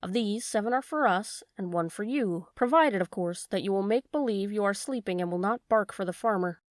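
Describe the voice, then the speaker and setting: A woman's voice: mid-range voice, fairly quick, dry recording, studio quality, natural voice. A woman voicing a sly weasel thief who speaks in a sweet, coaxing way, in a storybook reading. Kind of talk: storybook read-aloud.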